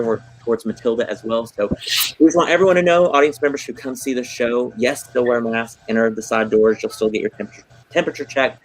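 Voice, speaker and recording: A man's voice: medium pitch, low-quality recording. Gushing man hosting a chat. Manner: effusive, gushing, many fillers. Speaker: theater host. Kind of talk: casual livestream chat.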